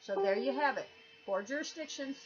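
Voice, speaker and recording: A woman's voice: on the high side, moderate pace. A woman giving an emphatic, lecturing monologue, stressing her words. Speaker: commentator. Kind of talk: didactic monologue. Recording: dull lo-fi recording with faint noise.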